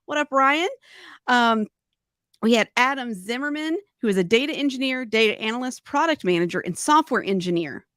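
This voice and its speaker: A woman's voice: fairly high pitch, expressive, normal speed, a bit bright, no echo, clean studio sound. A woman co-hosting a live-stream podcast, giggling as she runs through a list of guests. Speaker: podcast co-host. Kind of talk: casual live-stream chat.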